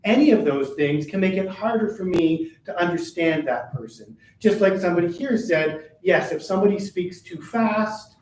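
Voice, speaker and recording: An older man with a somewhat high voice presents a live workshop, talking quickly and keeping his listeners with him by asking "right?" and "all right?" He is caught from a distance by a room mic in an echoey space, with faint noise underneath. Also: animated, a little mellow. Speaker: workshop presenter for a workers' advocacy centre. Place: meeting room at a chamber of commerce.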